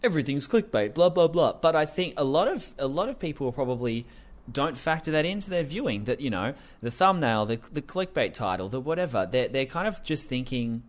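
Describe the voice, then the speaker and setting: A man hosts a casual commentary show in a loose, profane style, laughing between thoughts. His mid-range voice swings widely in pitch as he tells the story. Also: fairly quick. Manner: animated, swearing, laughing often. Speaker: podcast host.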